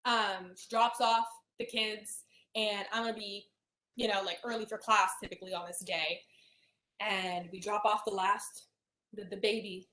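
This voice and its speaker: A young woman telling a painful personal story in a halting way, with many fillers and restarts. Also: mid-range voice, steady tone, fairly bright tone. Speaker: hypnosis client. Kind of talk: emotional personal account. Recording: roomy echo.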